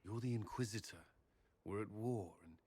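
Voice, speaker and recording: A man voicing an earnest, bashful male military commander in a video game, speaking in a shy, halting, tender way. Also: fairly low pitch, dark tone, slightly rough. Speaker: game character.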